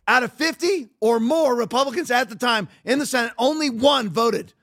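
A man in a casual podcast monologue, fired up and restarting his sentences as he repeats his figures. His voice is quite high for a man. The sound is dry and close to the mic. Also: normal speed, a bit bright, no echo. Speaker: podcast host.

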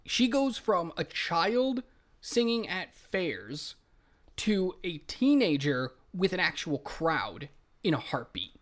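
A man in casual conversation, voice sitting a bit high for a man. He retells scenes in an animated, rambling way with plenty of asides, talking as a co-host. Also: slow. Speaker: podcast co-host reviewing films. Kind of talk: casual chat.

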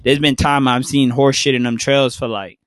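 Animated young New man. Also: medium pitch, normal speed, no room sound. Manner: animated, profanity-laden storytelling that acts out his own past remarks. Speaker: podcast co-host. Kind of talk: casual storytelling chat.

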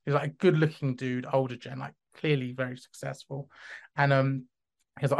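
A man hosting a podcast, telling a story in a casual, animated way, often restarting his sentences and acting out dialogue. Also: medium pitch, fairly quick, gravelly. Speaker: podcast host.

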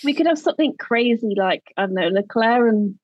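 A woman's voice: fairly high pitch, expressive, a little fast, a little mellow, breathy edge, dry recording, lo-fi sound. A woman co-hosting a podcast in playful casual chat. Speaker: podcast co-host.

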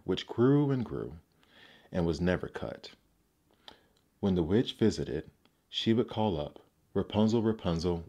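Deep-voiced man reading fairy tales. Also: warm tone, lo-fi sound. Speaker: storyteller. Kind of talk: storybook narration.

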